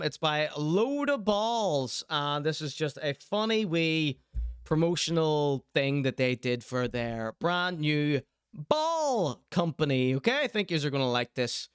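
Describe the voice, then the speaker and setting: A man's voice: fairly high pitch, big pitch swings, unhurried, fairly bright tone, clear, resonant tone, no room sound, studio quality. A man hosting a show, commenting on clips casually and enthusiastically, often repeating himself. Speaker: show host.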